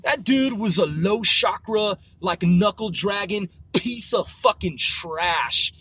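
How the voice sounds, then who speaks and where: A man's voice: sits high, animated, takes it slowly, sharp tone, slightly rough, faint music behind. A man ranting in a rambling casual monologue, profane and full of street slang, circling back and repeating himself. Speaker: vlogger.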